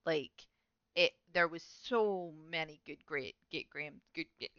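A woman's voice: sits low, a little slow, sharp tone, no echo, dull audio. A woman hosting a casual gaming podcast, rambling and self-mocking with frequent laughter. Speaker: podcast host.

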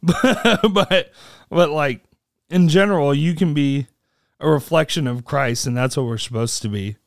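In an unhurried, dry, close-sounding recording, a man co-hosting a podcast shares stories in casual conversation. He's animated and voices quotes with large pitch leaps.

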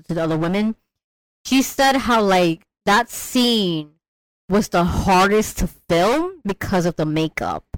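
A woman chatting casually about a film, animated and slangy, often mimicking characters in high voices. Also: no echo, poor audio. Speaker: podcast co-host discussing a film. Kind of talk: casual chat.

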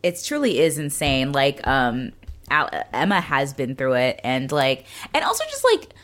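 Animated, blunt woman recapping. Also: rumbling low, measured pace. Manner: animated, blunt, swears freely. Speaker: podcast co-host. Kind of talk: casual recap chat.

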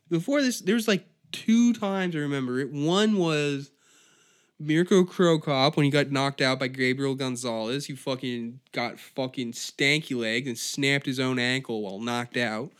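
A man's voice: mid-range voice, normal speed, a bit bright. A man hosting a podcast, ranting on his own in a profane, rambling, exasperated way. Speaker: podcast host. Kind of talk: solo comedic rant.

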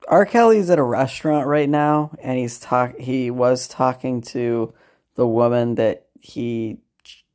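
Rambling man with a mellow voice. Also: medium pitch, unhurried. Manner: rambling, with many restarts, swearing and amused asides. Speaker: podcast host. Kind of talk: casual spoken recap.

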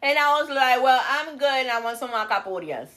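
A woman's voice: sits high, animated, fairly quick, fairly bright tone. A woman co-hosting a podcast in casual chat, crude and joking, slipping Spanish words into her English. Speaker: podcast co-host.

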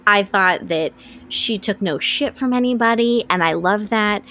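A woman's voice: mid-range voice, unhurried, sharp tone, slight background noise. A woman co-hosting a podcast, talking in a casual, eager way with lots of restarts and fillers. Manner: enthusiastic, rambling with restarts and fillers. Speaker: podcast co-host. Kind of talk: casual chat.

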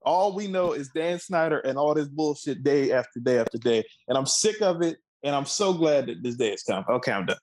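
Profane ranting young man, higher voice. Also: lively intonation, a little fast, hardly any pauses, a little mellow, low-quality recording. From Washington, D.C. area. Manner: profane, heated and emphatic, with slangy repetition. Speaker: co-host. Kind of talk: sports talk podcast rant.

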